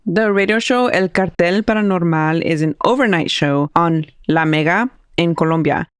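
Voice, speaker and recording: A woman's voice: fairly low pitch, normal speed, clean tone, no room sound, studio quality. A woman podcast host retelling a spooky story in casual chat, full of "like" fillers and frequent laughs. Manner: chatty, laughs often, many "like" fillers.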